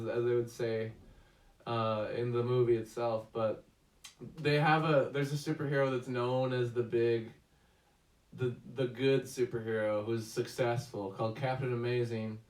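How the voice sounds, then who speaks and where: A man's voice: mid-range voice, steady tone, unhurried, a little mellow. A man hosting a casual movie review chat, rambling with many fillers and restarts. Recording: echoey room, distant mic.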